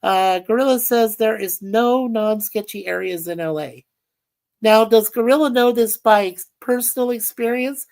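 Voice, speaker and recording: A woman's voice: fairly high pitch, moderate pace, a little mellow. A woman hosting a casual livestream chat, rambling and reading viewer comments aloud. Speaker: livestream host.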